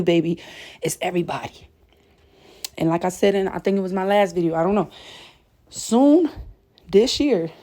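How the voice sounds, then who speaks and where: A woman's voice: medium pitch, warm tone. A woman giving an impassioned spiritual message, emphatic and preachy, a little breathless as she paces, often turning to her viewers with "y'all" and "okay?". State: breathless from pacing. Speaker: spiritual content creator. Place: indoors at home, late at night.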